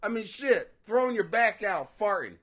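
This is a high-pitched man in his forties hosting his own live stream. His voice is bright and sharp, leaping all over the place as he rants. He swears constantly and laughs at his own jokes. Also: normal speed. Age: 40s. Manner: profane, loud, laughing, animated. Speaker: livestream host. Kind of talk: casual ranting commentary.

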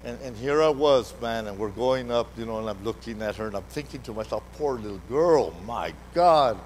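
Animated preaching pastor, man. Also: mid-range voice, fast, slight background noise, low-quality recording. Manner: animated preaching, calls to the congregation, repeats words. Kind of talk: sermon. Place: church hall during a live service.

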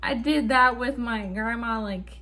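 Young woman, high bright voice, casual vlog storytelling, swears, laughs nervously. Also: a little slow, slight background noise. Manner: chatty, swearing, nervous laughter between lines. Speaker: vlogger.

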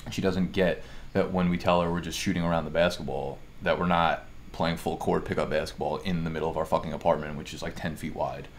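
A man's voice: sits low, slight background noise. A young man hosting a casual chat, telling stories in a profane, ranting way. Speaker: host.

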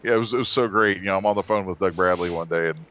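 A man's voice: sits low, racing, background noise. A man designer telling stories in a casual interview, rambling with restarts and acted-out quotes.

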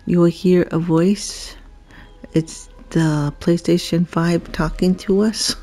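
Slow, mellow-voiced woman chatting through gameplay. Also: fairly low pitch. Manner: chatty, talks to game creatures, giggles often. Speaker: gameplay vlogger. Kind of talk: casual gameplay commentary.

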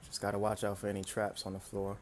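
A man's voice: lowish voice, monotone, quick pace, a little hiss or hum. A man streaming a video game, repeating short phrases to himself as he plays. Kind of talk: casual gameplay commentary.

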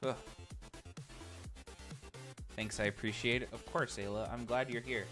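Bright, excitable, foul-mouthed male streamer. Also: medium pitch, normal speed, pauses often, soft background music. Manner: profane, excitable, bursts into loud outbursts. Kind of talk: live-stream banter.

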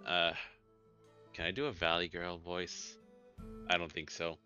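Bright-voiced joking gameplay host man. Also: deep voice, flat delivery, unhurried, long pauses, smooth. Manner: joking, rambling, swears. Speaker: let's play host. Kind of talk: casual gameplay commentary. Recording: dull lo-fi recording with game music.

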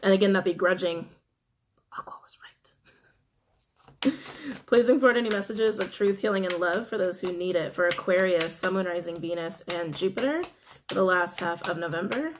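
A woman's voice: lowish voice, fairly quick. Lady doing a tarot reading, chatty, repeats stuff, chuckles, faint hiss behind. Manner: musing, repeats phrases, chuckles. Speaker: tarot reader.

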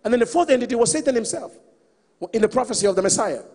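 A man with a high, husky voice preaches a lively sermon and keeps calling out to his listeners. His words ring through a large hall with a long reverb. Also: very fast. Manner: animated, calls out to the congregation.

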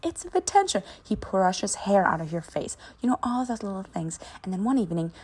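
Young woman, low breathy voice, narrating a playful imagined meet-cute. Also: a little mellow. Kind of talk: telling a made-up romance scenario.

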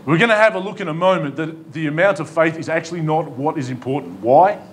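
A man with an Australian accent preaches in a church hall, his fairly high voice expressive and quick. He pleads emphatically, tossing in rhetorical questions and humor, with a little hiss or hum on the recording.

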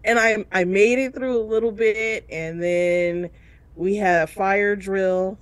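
A woman's voice: medium pitch, fairly even intonation, slow, smooth, no echo. A woman co-hosting a casual review chat, recounting a painful story and acting out the people in it with big leaps of voice. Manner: emotional storytelling with big voiced reenactments, laughing through tears. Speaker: co-host of a reality show review podcast.

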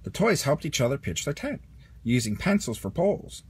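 A man reading a children's storybook aloud as narrator, expressive. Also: mid-range voice, normal speed, slightly rough. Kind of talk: storybook read-along.

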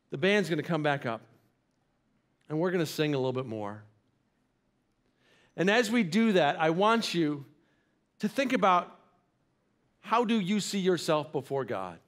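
A man's voice: fairly high pitch, big pitch swings, a little slow, long pauses, fairly bright tone. A man giving an earnest, encouraging sermon as pastor in a church. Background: faint instrumental music.

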